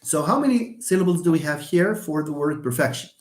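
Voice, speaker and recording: A man leads a live English pronunciation lesson, his voice rising and falling in animated swings as he patiently repeats example words. His tone sits a little higher than most men's. The sound carries the echo of a roomy space. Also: a little fast, over music. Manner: explains patiently, repeats words, switches between English, French and Darija. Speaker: English teacher. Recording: echoey room.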